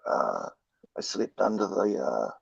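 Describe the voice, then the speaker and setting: A man with a hoarse, croaky voice from a cold, talking slowly and haltingly as a guest on a live stream. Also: medium pitch, darkish tone, dry recording, highs cut off. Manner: slow, halting, many ums. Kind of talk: casual live stream talk.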